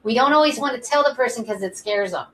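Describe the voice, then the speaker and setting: A woman hosting a talk show, affirming her guest with gentle interjections in casual interview chat. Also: fairly high pitch, fast, a little hiss or hum.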